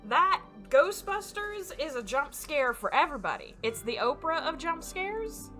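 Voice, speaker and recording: A woman's voice: high voice, very animated, unhurried, sharp tone. A woman streamer chatting casually and giggling while she plays a mystery game. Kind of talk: casual gameplay commentary. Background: background music.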